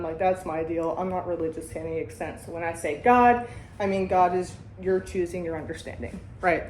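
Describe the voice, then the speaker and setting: A woman's voice: fairly low pitch, darkish tone, slight background noise. Woman sponsor ranting casually, swears a ton, keeps going "right?", bit of room echo. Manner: blunt, heavy swearing, keeps asking "right?". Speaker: podcast host and sobriety sponsor. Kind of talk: casual recovery talk. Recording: roomy echo.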